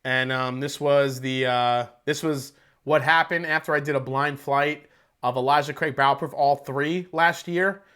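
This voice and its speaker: A man's voice: mid-range voice, fairly even intonation, unhurried, a bit bright, clean tone. A man hosting a casual whiskey tasting livestream from home on a wireless mic, talking loosely, rambling and swearing now and then. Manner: loose, chatty, rambling, swears and laughs easily. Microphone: wireless microphone with battery pack.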